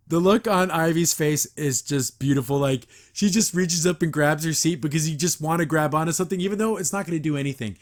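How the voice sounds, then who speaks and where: A young man with a fairly high voice talks a little fast on his podcast, recapping a cartoon episode and reacting to it. Casual and excited, he meanders, restarting sentences and laughing frequently.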